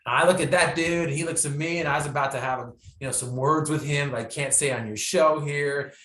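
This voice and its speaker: Recorded in an echoey space, a man shares his personal story as a motivational speaker, leaning hard on key phrases he repeats for effect. His voice is a little high, brisk and sharp, holding a steady tone.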